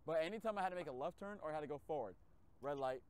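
A man hosting a casual podcast chat, telling a story with lively acted-out reactions and frequent swearing. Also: a little high, rapid-fire, smooth. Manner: animated storytelling, acts out his own reactions, swears freely. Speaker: podcast host.

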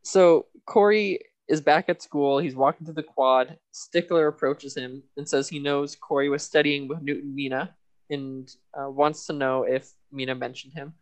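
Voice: medium pitch, fairly even intonation, moderate pace. Chatty laughing podcast co-host. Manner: laughs often, loose and chatty. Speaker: podcast co-host recapping a TV episode. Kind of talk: casual recap chat.

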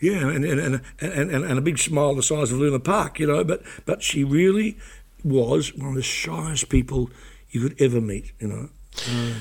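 A man's voice: medium pitch, moderate pace, vocal fry, slightly rough. A middle-aged man telling showbiz anecdotes in casual chat, often repeating words as he starts a sentence. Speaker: guest.

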